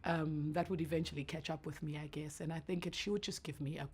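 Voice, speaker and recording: A woman in her thirties with a naturally deep voice, talking earnestly and reflectively as a guest in an interview. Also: steady tone, fast talker, a little mellow, slightly rough. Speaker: entrepreneur guest. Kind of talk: emotional interview answers.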